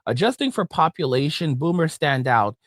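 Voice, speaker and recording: A man's voice: a little high, very animated, moderate pace, fairly bright tone, no room sound, studio quality. A man hosting a reaction commentary, ranting in an emphatic, indignant way. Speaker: commentary host.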